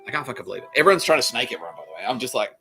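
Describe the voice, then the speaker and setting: Profane, animated Australian man ranting. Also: mid-range voice, rapid-fire, creaky, soft background music, poor audio. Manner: profane, laughing, animated rants. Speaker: podcast host. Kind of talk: rambling comedic storytelling.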